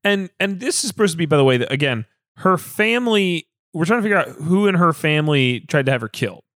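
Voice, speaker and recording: Man, podcast co-host, casual movie review chat, rambling, profane, fillers, fairly high, dry sound. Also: expressive, fast, a bit bright, dry recording.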